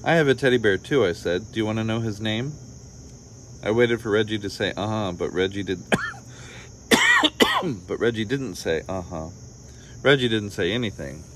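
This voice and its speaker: A man reading a children's picture book aloud, gently, lifting his voice a little for the children's lines. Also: wildly swooping pitch, moderate pace, long pauses, a little hiss or hum. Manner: gentle storytelling, voices the children's lines slightly higher and livelier. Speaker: storybook reader.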